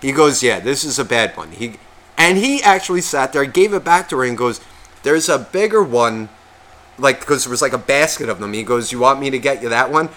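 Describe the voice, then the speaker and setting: A man's voice: mid-range voice, lively intonation, brisk, fairly bright tone. A man who is sick, telling a long profane, self-mocking story on a podcast and acting out what people said. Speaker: podcast co-host. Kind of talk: casual storytelling chat.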